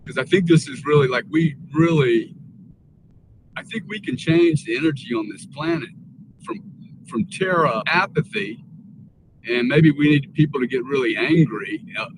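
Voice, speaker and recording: Give me an earnest, rambling man talking on a live panel, with clear noise behind him. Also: fairly high pitch, very animated, moderate pace. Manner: rambling, earnest, many restarts. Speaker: guest speaker. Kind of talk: casual livestream panel talk.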